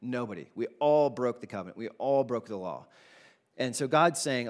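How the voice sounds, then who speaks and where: A man preaching a sermon as pastor, in a conversational, animated way with casual asides. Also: mid-range voice, normal speed.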